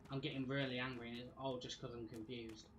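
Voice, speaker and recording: A man's voice: mid-range voice, little pitch movement, quick pace, noisy background. Grumbling man swearing at his game. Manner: frustrated, muttering to himself, swearing at the game. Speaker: streamer. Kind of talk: live gameplay commentary.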